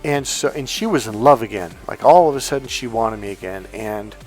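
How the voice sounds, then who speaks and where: A man's voice: lowish voice, expressive, a little fast, a little mellow, faint music behind. A man, a dating coach, telling a rambling personal story in a casual way, swearing freely and correcting himself as he goes. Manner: rambling, self-correcting, swears casually, acts out past dialogue.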